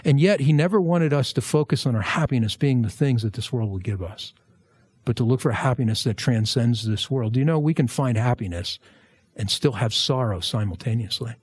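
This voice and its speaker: A male pastor preaching a verse-by-verse sermon in a conversational way, with jokey asides and lively emphasis. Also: medium pitch, brisk, breathy edge, no echo.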